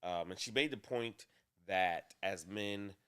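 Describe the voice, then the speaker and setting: A man co-hosting a casual talk show about marriage, speaking in a deliberate, measured way with some restarts. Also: low-pitched, sharp tone, clear, resonant tone. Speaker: co-host.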